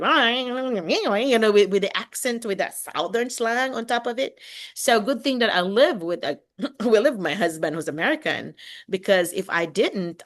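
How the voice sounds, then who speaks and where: A middle-aged woman from the Philippines, chatting casually and quickly on a video call as a teacher and host. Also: medium pitch. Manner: talks fast when excited, lively, with laughs.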